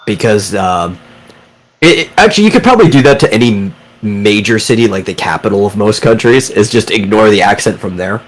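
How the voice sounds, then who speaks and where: A man in casual stream chat, talking in a steady, advice-giving way. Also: lowish voice, fairly quick, low-quality recording.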